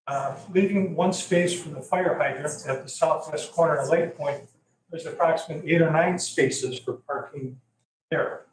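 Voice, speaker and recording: A man giving public comment at a council meeting, calmly listing figures one by one. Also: on the high side. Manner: measured, lists figures one by one. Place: council chamber. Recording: echoey chamber, voice from far off, faint hum.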